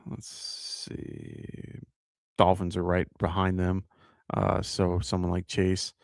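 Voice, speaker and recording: A man's voice: sits low, flat delivery, drawn-out words, gravelly, pauses often, a little mellow, no echo, studio quality. A man with a New York accent hosting a live fantasy football show, chatting casually, thinking aloud with fillers and reading out viewer questions. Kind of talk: live-stream fantasy advice chat.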